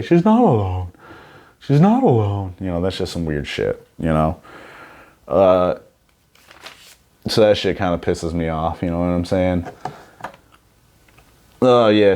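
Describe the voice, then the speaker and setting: A man's voice: sits low, a little slow, pauses often, darkish tone. A young man hosting a comedy podcast, rambling and profane in a casual monologue, full of "you know what I'm saying.".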